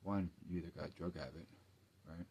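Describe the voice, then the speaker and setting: A man's voice: low-pitched, fairly even intonation, a little fast, darkish tone, breathy edge. A man, ranting late at night at home in a rambling, profane, mumbling way. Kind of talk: late-night personal rant.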